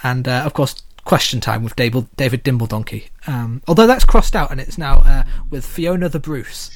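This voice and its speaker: A man's voice: mid-range voice, normal speed. A man running a tabletop game as game master, chatty and full of filler words. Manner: chatty, frequent filler words, laughing asides.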